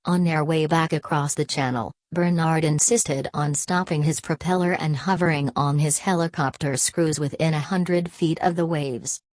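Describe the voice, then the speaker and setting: Low-voiced woman narrating a novel. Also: steady tone, moderate pace, few pauses, darkish tone, no echo. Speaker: audiobook narrator. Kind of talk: scripted narration.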